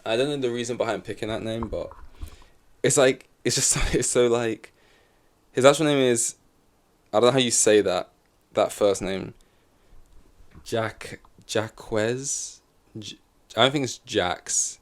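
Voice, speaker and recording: A man's voice: medium pitch, normal speed, pauses often. A man hosting a solo podcast in casual chat, rambling and correcting himself as he goes, swearing casually. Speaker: podcast host. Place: in front of a camera.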